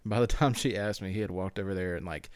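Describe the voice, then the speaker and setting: A man's voice: low voice, fast, clear, resonant tone, no room sound. A man co-hosting a casual podcast chat, laid-back and telling stories. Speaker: podcast co-host.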